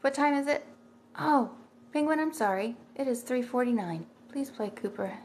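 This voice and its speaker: A woman's voice: sits high, lively intonation, normal speed, darkish tone. A middle-aged woman chatting casually on a livestream, rambling and thanking viewers by name as she reads their comments.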